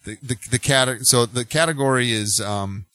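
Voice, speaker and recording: A man co-hosting a podcast in casual chat, animated and giggly, with stumbling restarts. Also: medium pitch, normal speed, dry recording. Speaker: podcast co-host.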